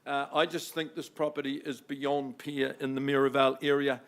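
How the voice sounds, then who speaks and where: A man opening a property auction with a theatrical, flowery sales pitch. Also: little pitch movement, moderate pace. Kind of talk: auction patter. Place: auction room.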